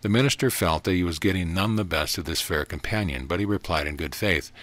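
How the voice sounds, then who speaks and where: Man, audiobook reader, very low voice, dry close recording, measured narration. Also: fairly bright tone, dry recording. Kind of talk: scripted narration.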